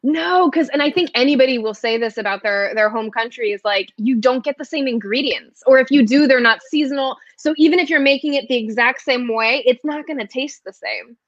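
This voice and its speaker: French-born woman guest, bilingual, chatty, higher voice, dry dull line. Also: a little fast, few pauses, no echo. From France. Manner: chatty, laughs often. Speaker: guest actress. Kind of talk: casual interview.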